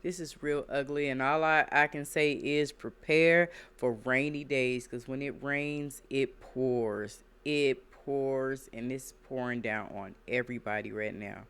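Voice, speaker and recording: Woman, reaction host, smooth, emphatic, repetitive. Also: a bass voice, fairly even intonation, a little slow, hardly any pauses, a bit bright. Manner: emphatic, preachy, repeats phrases. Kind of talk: casual commentary.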